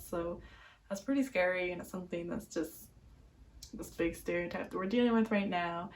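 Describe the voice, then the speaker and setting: A woman's voice: on the low side, moderate pace, a little hiss or hum. Chatty young woman vlogging. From Vietnam, adopted to the United States. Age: young adult. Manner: chatty, candid, lots of "like" fillers. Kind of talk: casual talking-to-camera vlog.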